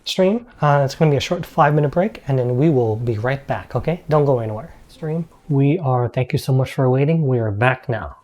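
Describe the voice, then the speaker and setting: A man's voice: medium pitch, animated, a little fast, few pauses, darkish tone, lo-fi sound. A man running a streamed tabletop game as game master, talking casually with lots of fillers and hesitations.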